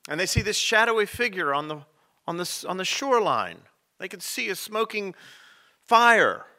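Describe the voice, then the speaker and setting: A man preaching a sermon as rector, telling stories with dramatic pauses. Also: sits high, big pitch swings, pushed and bright.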